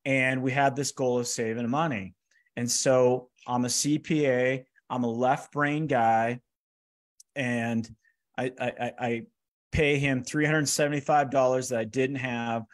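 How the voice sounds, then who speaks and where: Energetic motivational speaker, male. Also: medium pitch, unhurried. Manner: energetic, acts out quoted dialogue. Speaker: speaker giving a finance workshop. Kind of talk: animated motivational storytelling.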